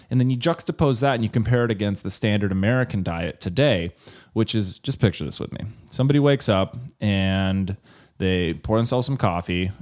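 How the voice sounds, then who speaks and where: A man's voice: fairly low pitch, a little mellow. A man hosting a casual conversation, guiding it with questions and painting step-by-step everyday examples.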